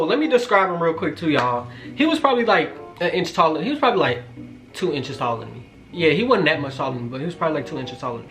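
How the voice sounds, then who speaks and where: Young male vlogger, twenties, slangy and playful storyteller, voice a touch high, soft music underneath. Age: 20s. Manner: animated, joking, slangy, quick asides to viewers. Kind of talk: casual storytime.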